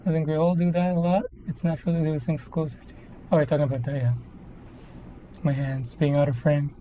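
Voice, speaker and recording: A brisk, flat, dark-toned voice of medium pitch comes through a muffled recording with slight background noise. The speaker, a Filipino in their thirties, chats casually on a live stream while building a model kit, rambling and correcting themselves.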